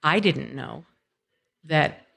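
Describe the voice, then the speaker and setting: A woman's voice: low-pitched, expressive, extremely slow, creaky, fairly bright tone. A woman from Colorado, a podcast guest, telling a long personal story in casual conversation and acting out what people said in strings of run-on phrases. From Colorado, USA. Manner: retells events with many quoted exchanges, run-on phrasing. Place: coffeehouse.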